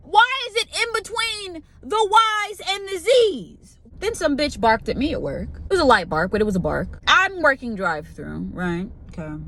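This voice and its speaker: Animated, exasperated young woman ranting. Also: fairly high pitch, normal speed, few pauses, a little hiss or hum. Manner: profane, exasperated, animated retelling with quoted voices. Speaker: pharmacy technician. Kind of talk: ranting storytime vlog.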